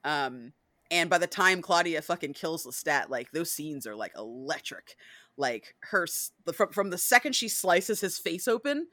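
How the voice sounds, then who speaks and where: A woman's voice: deep voice, very animated, moderate pace, sharp tone, no echo, clean studio sound. A woman hosting a podcast, chatting casually and animatedly, swearing freely and acting out movie lines. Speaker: podcast host.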